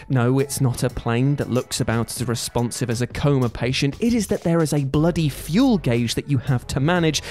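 A man's voice: medium pitch, a little mellow. A man giving a sweary, sarcastic scripted comedy voice-over as a video host.

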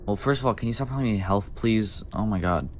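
A man's voice: lowish voice, fast talker, a little hiss or hum, lightly acted. A man voicing a laid-back, evasive health app gone rogue in a video game, speaking in an offhand, dismissive way.

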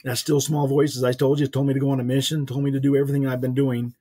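A man's voice: mid-range voice, flat delivery, very fast, warm tone, husky. An older man, a podcast guest, earnestly telling a personal faith story in a folksy way. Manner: earnest, folksy storyteller acting out quoted voices. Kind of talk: storytelling testimony.

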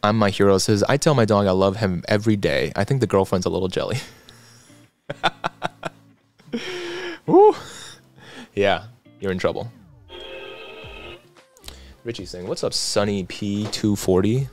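Male streamer, low voice, laid-back chat reader, faint background music. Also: normal speed, pauses often. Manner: relaxed, reads chat aloud, chatty asides. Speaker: livestream host. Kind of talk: casual livestream chat reading comments.

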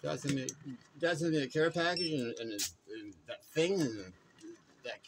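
A man with a medium-pitched, animated voice films a vlog on his phone at a shop counter, speaking unhurriedly over background noise. He rambles and stammers through casual running commentary, dropping wry remarks as he goes.

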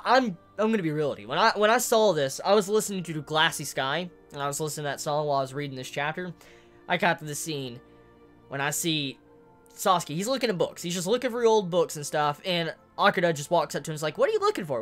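A man's voice: a little high, fairly bright tone. A man casually reviewing a manga chapter who gets openly worked up and swears as he talks.

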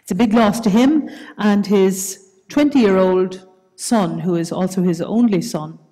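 Slow, soft-spoken Northern Irish woman. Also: mid-range voice. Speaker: worship leader. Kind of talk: scripture reading in a church service. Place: church. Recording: reverberant church hall.

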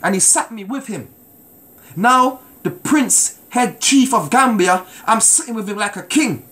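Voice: medium pitch, measured pace, a bit bright. A preacher giving a sermon with a personal testimony, emphatic and repeating words, often calling out to listeners for an amen.

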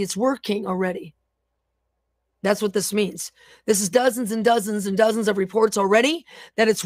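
A woman's voice: medium pitch, no room sound, studio quality. A woman minister leading a live-streamed prayer and Bible teaching, declaring prayers with fervent command and reading viewer comments aloud. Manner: reads viewer comments aloud between remarks.

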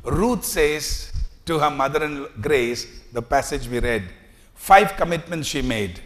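A man preaching a sermon, acting out the lines he quotes, swinging from soft asides to loud calls. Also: a little high, lively intonation, a little slow. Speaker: pastor.

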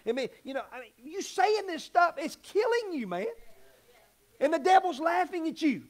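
A pastor preaching a folksy, animated sermon that acts out little scenes. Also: male voice, extremely high pitch, normal speed.

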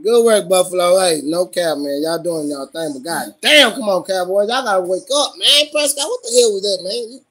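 A man livestreaming his reactions to a football game, loud and profane, cheering on and scolding his team. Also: high voice, animated, moderate pace, few pauses. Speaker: livestream host.

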